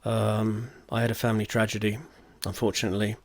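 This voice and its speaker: Deadpan, sweary man, slightly stuffy. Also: lowish voice, brisk, no echo. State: slightly blocked nose. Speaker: author reading his novel. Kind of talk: casual one-take reading.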